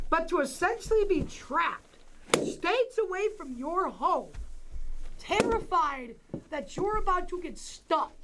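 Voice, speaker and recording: Streamer host, woman, high voice, unhurried delivery, animated and foul-mouthed, faint noise underneath. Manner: animated, swears freely, frequent exclamations. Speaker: livestream host. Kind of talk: casual livestream chat.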